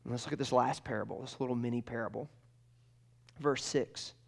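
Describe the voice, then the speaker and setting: A male pastor preaching a storytelling sermon, swinging from loud, excited passages down to hushed whispers. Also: mid-range voice, fairly quick, gravelly.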